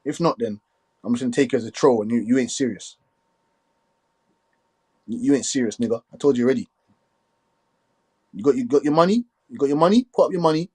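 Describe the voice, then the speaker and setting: A man hosting a casual live stream, talking quickly and filling his speech with "you get me". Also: mid-range voice, a little mellow, husky. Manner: fast, repetitive filler "you get me".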